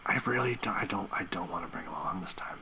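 Man playing a deep-voiced, blunt hero. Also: lively intonation, moderate pace, background noise, lightly acted. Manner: teasing, blunt. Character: bossy protective male superhero, engaged. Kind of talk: improvised comedy audio play.

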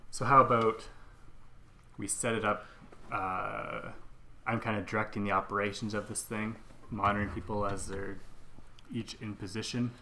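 A man setting the scene for a tabletop role-play in a quick, casual way. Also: lowish voice, flat delivery, sharp tone, slight background noise. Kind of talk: improvised game narration.

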